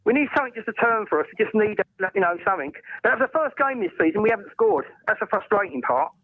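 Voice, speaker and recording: A man on a football podcast who talks quickly in a high voice, hesitating and restarting as he works out his opinions. The sound is close and dry. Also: sing-song, pushed and bright, dry recording, low-quality recording. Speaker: podcast co-host. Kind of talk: casual fan podcast chat.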